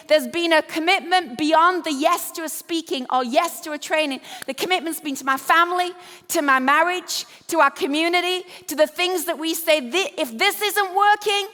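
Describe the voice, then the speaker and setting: English woman, 50s, keynote speaker, crisp bright voice, humorous storyteller, reverberant venue. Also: very high voice. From Yorkshire, England. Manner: storytelling, self-deprecating humor. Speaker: conference speaker. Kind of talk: motivational keynote talk. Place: event stage. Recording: echoey hall.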